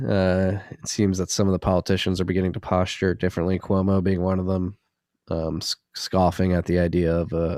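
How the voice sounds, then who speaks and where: A man's voice: low-pitched, dark tone, no room sound, studio quality. A man co-hosting a podcast in loose, rambling, profane casual chat. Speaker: podcast co-host.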